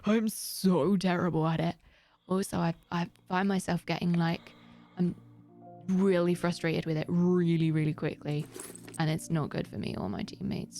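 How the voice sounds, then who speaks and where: Woman, game streamer, gravelly low rasp, faint music behind. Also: moderate pace, a little mellow. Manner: chatty, talks straight to viewers. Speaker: live streamer. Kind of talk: casual gaming stream chat.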